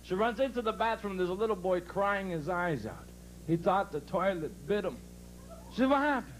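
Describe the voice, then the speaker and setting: A man's voice: high voice, normal speed, slight background noise, rough recording. A man doing stand-up for a live crowd, telling folksy dirty jokes and laughing at his own punchlines. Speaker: stand-up comedian.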